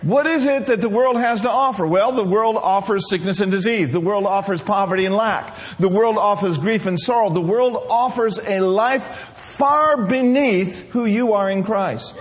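High-voiced man preaching a sermon. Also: moderate pace, few pauses. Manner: call-and-response preaching, repeats phrases.

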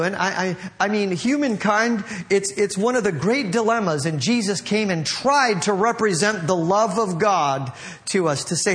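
Emphatic high-voiced preacher man. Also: fairly bright tone. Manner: emphatic, slows down and rises when reading scripture aloud; repeats and restarts phrases, calls on the congregation to respond. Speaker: pastor. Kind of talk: sermon.

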